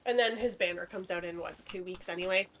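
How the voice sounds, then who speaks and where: A woman's voice: fairly low pitch, quick pace, a bit bright. A young adult woman guesting on a game stream, teasing and laughing a lot in casual chat. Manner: playful, teasing, laughs often.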